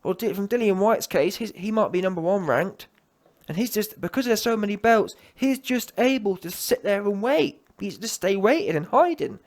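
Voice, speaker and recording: A man's voice: sits high, animated, moderate pace. A man giving a heated, emphatic solo rant as a boxing commentator, often breaking off and restarting his sentences.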